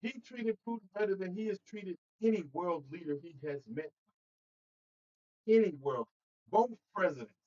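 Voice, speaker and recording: A man hosting a casual political livestream addresses viewers directly, animated and laughing between points. His voice sits high, his pace is moderate, and the audio is dull.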